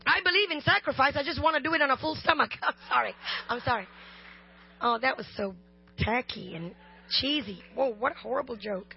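A woman's voice: high voice, brisk, vocal fry, slightly rough, no room sound. A woman preacher giving a sermon with personal testimony, humorous and impassioned, talking straight to the congregation. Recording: dull lo-fi recording.

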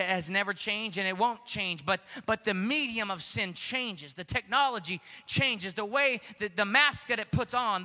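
A man's voice: high voice, sharp tone, long reverb tail. A man preaching a sermon in a church sanctuary, emphatic, with call-and-response and repeated words. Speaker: pastor.

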